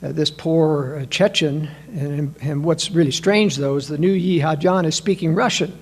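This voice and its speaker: Man, fairly high voice, political commentator, emphatic, rhetorical questions. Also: normal speed, slightly rough. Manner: addresses listeners as ladies and gentlemen. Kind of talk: year-end political analysis talk.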